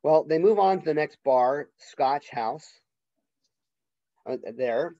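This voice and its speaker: A male college literature professor giving a casual classroom lecture, conversational and acting out characters' lines in quick voices. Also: on the high side, dry recording. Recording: dull lo-fi lecture recording.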